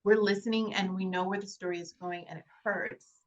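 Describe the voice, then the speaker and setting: A woman, an actress, talking in an interview in a heartfelt, halting way with many fillers and restarts. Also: mid-range voice, fairly even intonation, dull audio. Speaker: actress guest. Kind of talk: casual interview chat.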